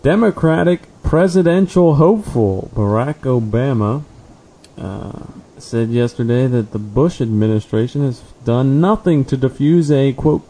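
Brief: male co-host, plain news-reading delivery, mellow relaxed tone. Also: medium pitch. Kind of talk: reading a news item aloud.

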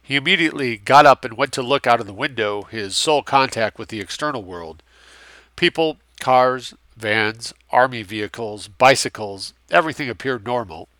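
A man with a mid-range voice narrates a novel for an audiobook, delivering scripted narration in a steady, measured storytelling style. There's no room sound.

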